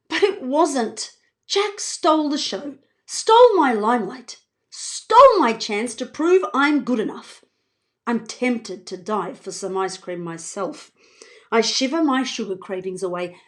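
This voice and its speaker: A woman author reading her children's book aloud in an expressive, playful voice. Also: medium pitch. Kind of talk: children's storybook read-aloud.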